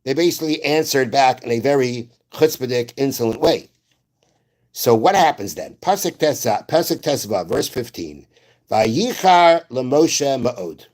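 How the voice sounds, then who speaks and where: Un hombre da una clase religiosa como rabino y explica los versos con calma, citando textos antiguos y repitiendo frases para aclararlas. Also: male voice, mid-range voice. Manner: explains slowly, repeats phrases, quotes Hebrew verses. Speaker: rabbi. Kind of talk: Torah class.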